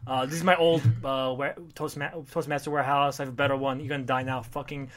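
Fast-talking man recapping comics. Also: mid-range voice, flat delivery, a bit bright. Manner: rambling, swearing, acting out characters in quick voices. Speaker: podcast co-host recapping comics. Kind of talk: casual chat.

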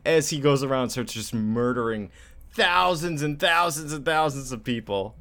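A man's voice: mid-range voice, lively intonation, normal speed, a bit bright. A laid-back man in a casual chat about a comic, chiming in and laughing along.

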